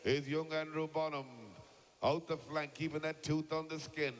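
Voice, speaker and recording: A man talks the crowd through the shearing, chatty and rallying. His voice is slightly raised and fairly flat in pitch. It booms over a PA through a large, echoing hall. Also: a little fast. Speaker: shearing commentator. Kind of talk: live sports commentary.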